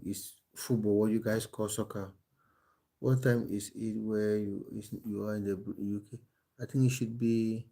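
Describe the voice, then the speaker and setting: A man's voice: fairly low pitch, vocal fry, mellow. A man, a football coach, chatting casually on a live stream from his phone at home, answering viewers with many restarts and fillers. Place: at home in England.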